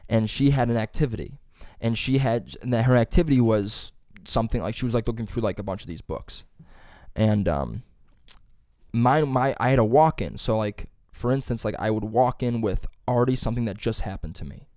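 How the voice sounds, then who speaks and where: A man's voice: mid-range voice, fairly quick, darkish tone, dry recording. Young male podcast host, loose rambling storyteller, casual swearing, dry close mic. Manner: rambling storyteller, swearing freely, lots of fillers.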